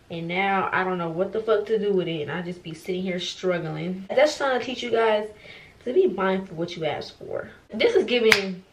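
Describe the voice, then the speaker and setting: A young woman, vlogging casually and profanely to viewers while getting ready at home, self-mocking and frank. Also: medium pitch. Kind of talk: get-ready-with-me vlog.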